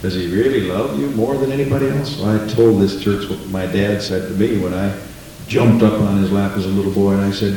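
A man's voice: fairly low pitch, fairly even intonation, brisk, dark tone, slight background noise. Male pastor, folksy preacher, heard from a distance in a very echoey church with faint room ambience. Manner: folksy, conversational preaching with rhetorical questions. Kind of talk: sermon. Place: church sanctuary.

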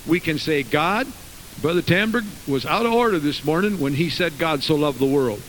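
A man's voice: a little high, normal speed, fairly bright tone, a little hiss or hum, rough recording. A man preaching a fervent sermon to his congregation in a church, with many asides and restarts. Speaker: pastor. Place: church sanctuary.

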